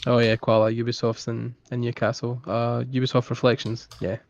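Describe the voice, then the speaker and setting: A man's voice: mid-range voice, monotone, a little fast, lo-fi sound. A young man chatting casually as a guest on a livestream, easygoing and rambling. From Scotland. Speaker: guest artist on a stream.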